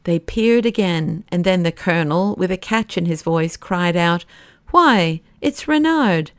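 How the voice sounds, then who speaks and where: A woman narrating a classic novel as an audiobook, in a steady, expressive way. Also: fairly low pitch, normal speed, clean tone, no echo, clean studio sound. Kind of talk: scripted narration.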